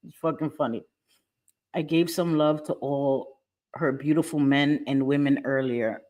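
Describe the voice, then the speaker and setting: A woman's voice: extremely low pitch, fairly even intonation, measured pace, dull audio. A middle-aged woman hosting a casual live stream from home, talking bluntly with lots of swearing and frequent laughter. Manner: blunt, profane and laughing often. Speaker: livestream host.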